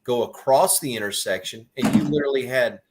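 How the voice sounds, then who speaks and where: A man hosting a casual interview, relaxed and laughing along with his guest. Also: medium pitch, brisk. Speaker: interview host.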